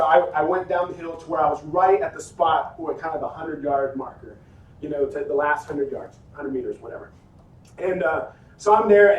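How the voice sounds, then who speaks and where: A pastor telling a lively personal story in a sermon, acting out his own quotes. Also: on the high side, distant mic. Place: church hall. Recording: echoey hall, faint noise.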